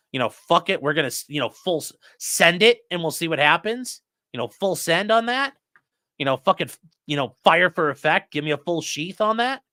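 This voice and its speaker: Blunt, animated male stream host. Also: a little high, dry recording, studio quality. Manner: blunt, profane, mocking. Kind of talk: live stream commentary.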